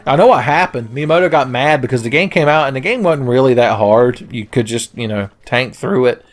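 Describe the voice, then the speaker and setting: A man's voice: mid-range voice, lively intonation, fairly quick. A man hosting a let's play, giving profane, sarcastic, joking commentary. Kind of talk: gameplay commentary.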